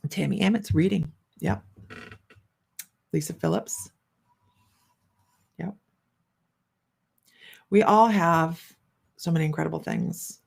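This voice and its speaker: A woman's voice: lowish voice, slow, vocal fry, long pauses, slightly rough. A middle-aged woman hosting a psychic livestream, chatting casually and rambling as she reads out viewer comments. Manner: chatty and rambling, many fillers and restarts.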